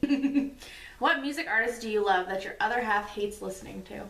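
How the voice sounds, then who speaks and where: A woman's voice: mid-range voice, fairly quick, creaky, fairly bright tone, far from the mic. Giggly chatty woman in an echoey room. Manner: chatty, giggly storyteller, lots of "like". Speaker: vlogger. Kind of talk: casual couple Q&A chat. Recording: echoey room, away from the mic.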